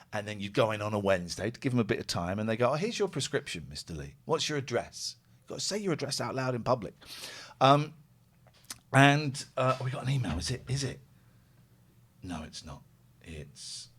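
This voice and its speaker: A middle-aged man, chatting as a phone-in host. His pitch swings widely as he tells a story and plays out both sides of each back-and-forth. He sounds relaxed and unscripted. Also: breathy edge. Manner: animated storytelling, acting out both sides of exchanges. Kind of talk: casual chat.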